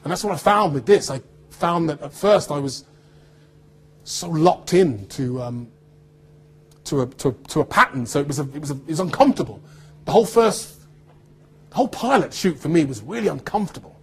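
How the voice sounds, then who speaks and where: English man, actor, animated storyteller, husky, slightly high voice. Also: normal speed, pauses often. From United Kingdom. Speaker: actor giving a talk to students. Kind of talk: anecdotal talk with audience.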